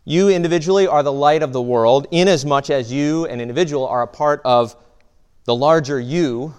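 Man, pastor, sermon, conversational, smooth resonant voice, slightly high pitch. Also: moderate pace, a little mellow. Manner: conversational preaching with frequent "right?" asides and restarts.

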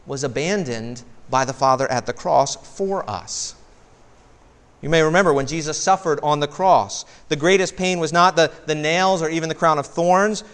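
A male pastor delivers an earnest sermon in a voice pitched a little high. He slows down to lean on key phrases and sometimes repeats a word as he starts a thought. His voice rings out with the long reverb of a church hall.

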